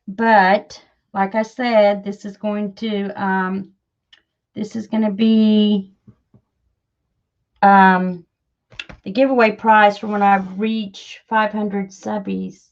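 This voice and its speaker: A woman's voice: mid-range voice, highs cut off. A woman chatting casually and self-deprecatingly to her viewers while she crafts, with lots of fillers. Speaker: crafting channel host.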